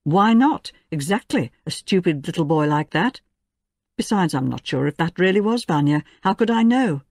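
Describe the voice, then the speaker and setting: A woman's voice: lowish voice, animated, normal speed, a little mellow, no echo. In a dry close recording, a woman reading the part of a frightened middle-aged widow pleads in a raised, anxious voice. She sounds tearful and desperate for reassurance, an audiobook character. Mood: indignant.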